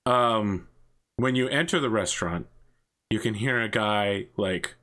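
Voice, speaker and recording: A man's voice: on the low side, a little slow, sharp tone. A man narrating a tabletop game as game master in a casual, descriptive way. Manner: casual, descriptive, uses fillers.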